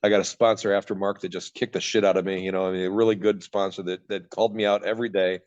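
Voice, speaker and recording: A man's voice: low-pitched, level tone, quick pace, a little mellow, lo-fi sound. A man telling his personal story as a podcast guest, in a raw, rambling way, swearing freely. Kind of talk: candid personal recovery story.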